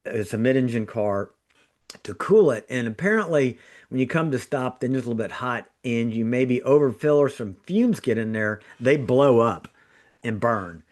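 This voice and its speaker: Middle-aged guy spinning stories on a podcast, mid-pitched voice, laughs a lot. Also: animated, normal speed, a little mellow. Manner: chatty storyteller who laughs through anecdotes and acts out quotes. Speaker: trauma surgeon and regular podcast guest. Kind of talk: casual podcast storytelling.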